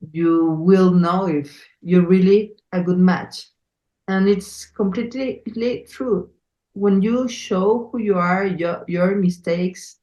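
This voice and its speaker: Podcast host, woman with a Mexico City accent, earnest, unhurried, roomy sound. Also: lowish voice, a little mellow. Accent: Mexico City Spanish. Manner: earnest, effusive, many fillers. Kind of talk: conversational interview.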